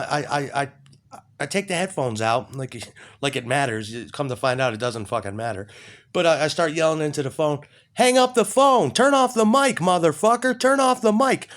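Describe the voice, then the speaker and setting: A man rambling profanely, mumbling low at times and then shouting. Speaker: vlogger. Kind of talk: rambling monologue.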